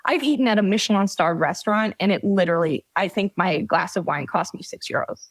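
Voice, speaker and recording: A woman's voice: mid-range voice, fairly quick, no echo. A woman guest on a podcast interview, giving direct, practical advice with emphasis. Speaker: guest, travel guide author. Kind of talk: casual conversational interview.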